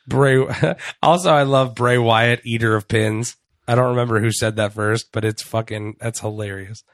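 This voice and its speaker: A man's voice: mid-range voice, fairly even intonation, a bit bright, dry recording. Profane, rambling man recapping wrestling. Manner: profane, rambling, with quick impressions. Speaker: podcast co-host. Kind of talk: casual wrestling recap chat.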